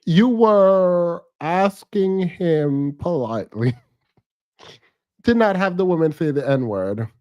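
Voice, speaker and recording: A man's voice: fairly high pitch, expressive, slow pace, darkish tone, dry recording, muffled recording. A man commenting on a video clip in a frank, teasing way, thinking aloud as he reacts.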